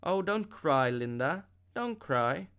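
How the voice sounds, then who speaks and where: A man's voice: on the high side, expressive, slow pace, a bit bright, clean tone, exaggerated voice. A man reading an audiobook and voicing a frightened young boy who pleads. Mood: pleading.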